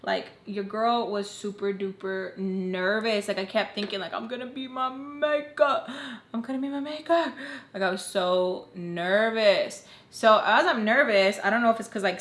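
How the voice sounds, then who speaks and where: A woman's voice: mid-range voice, fairly even intonation, normal speed, few pauses, a bit bright. Young female vlogger, rambling casual storyteller, roomy echo. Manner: chatty, heavy use of "like", acts out quoted voices.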